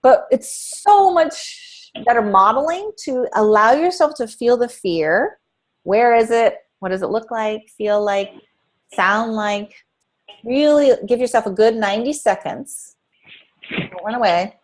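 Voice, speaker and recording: A middle-aged woman, a parenting life coach, talks to parents in a casual, animated way and laughs between her points. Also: medium pitch, measured pace, low-quality recording.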